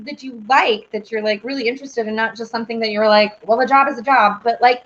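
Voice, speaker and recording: A bubbly young woman chats on a live stream, rambling and reading out viewer comments. Her voice sits fairly high for a woman. The sound is dull and lo-fi. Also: brisk, hardly any pauses. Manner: bubbly, squeals with excitement, rambling. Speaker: live-stream host and singer.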